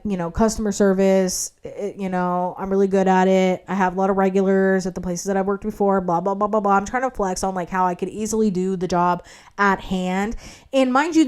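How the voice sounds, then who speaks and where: Indignant young woman ranting, swearing freely. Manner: profanity-laden, heavy use of "like"; animated, indignant retelling with sudden jumps in pitch. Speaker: vlog host. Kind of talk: casual storytelling monologue.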